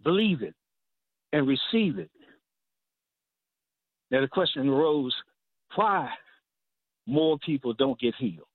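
A man's voice: medium pitch, sing-song, slow, pauses often, husky, no room sound. Male preacher, emphatic, repeats phrases, dry tinny phone-like sound. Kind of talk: sermon.

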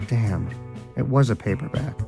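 A man reading a story aloud in even, measured scripted narration. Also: medium pitch, over loud music. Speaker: audiobook narrator.

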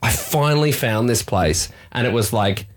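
A man's voice: mid-range voice, moderate pace. A young adult man with an Australian accent, co-hosting a casual podcast and telling a story with lots of acted-out quotes. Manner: animated storytelling, acts out quoted voices. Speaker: podcast co-host. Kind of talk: casual chat.

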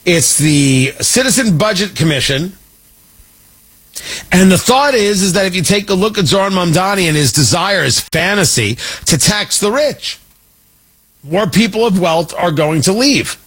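A man's voice: high-pitched, expressive, measured pace, a bit bright, slightly rough. A man hosting a talk radio show, delivering a sarcastic, rambling political commentary monologue.

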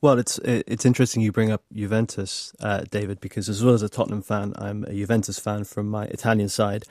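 A man speaks on a radio panel in a low voice. He sounds thoughtful and reflective. The studio sound is dry. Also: flat delivery, fairly quick, a little mellow, no room sound. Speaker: studio guest, football fan.

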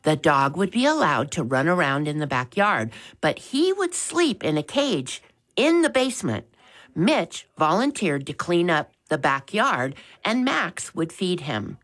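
A woman narrating a children's storybook with a clear, expressive reading. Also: on the low side, a little slow. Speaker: audiobook narrator.

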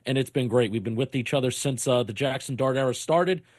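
A man, a guest, plugging his own podcast in a relaxed way, with many pauses. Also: medium pitch, no room sound, clean studio sound. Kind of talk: casual plug for his show.

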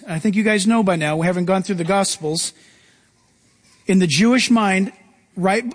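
A man preaching a sermon, reading scripture and acting out the people in it with lively swings of voice. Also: in a large hall. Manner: animated preacher, acts out Bible voices with big pitch jumps. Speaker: pastor.

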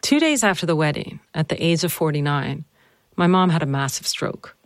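A narrator and host telling a personal family story, then questioning their mother, earnest and slowing down to stress points. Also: mid-range voice, expressive, dry recording, studio quality. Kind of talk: reflective personal narration and interview.

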